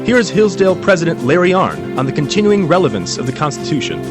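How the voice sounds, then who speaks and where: A man's voice: on the high side, sing-song, fast talker, over music. A young man, a student, reading an upbeat sponsor announcement. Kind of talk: scripted radio spot.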